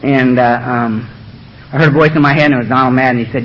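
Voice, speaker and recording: A middle-aged man telling his recovery story to a meeting, animated and acting out the voices of others. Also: mid-range voice, fast talker, lo-fi sound, a little hiss or hum. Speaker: AA speaker. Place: meeting room with audience.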